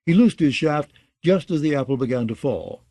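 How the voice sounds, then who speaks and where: A man narrating a fantasy audiobook in a steady, even reading style. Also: a little high, normal speed, dry recording.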